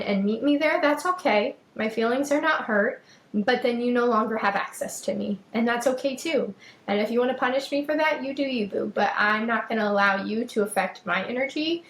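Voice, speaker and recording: A young adult woman hosts a podcast, delivering a personal monologue on self-worth. Her voice is fairly high and fairly bright, and she speaks emphatically, repeating phrases and addressing her listeners directly. The audio is poor and reverberant.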